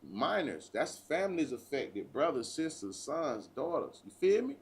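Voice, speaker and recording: His pitch swoops wildly around a mid-range voice, and his delivery runs a little slow. He's an American man hosting a livestream, preaching in profane street talk and addressing listeners as "bruh" over and over.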